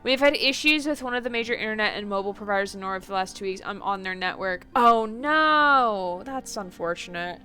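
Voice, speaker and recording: Bright-voiced woman streamer. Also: mid-range voice, steady tone. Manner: chatty, laughs often, quick asides. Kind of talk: casual game stream chat. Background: faint game music.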